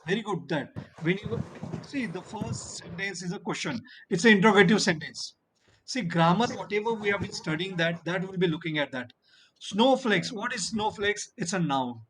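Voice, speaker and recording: Male teacher, high voice, encouraging and firm, classroom delivery. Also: lively intonation, moderate pace, fairly bright tone, a little hiss or hum. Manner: encouraging, repeats praise and "you know"; firm about turn-taking. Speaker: English teacher. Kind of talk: online classroom lesson.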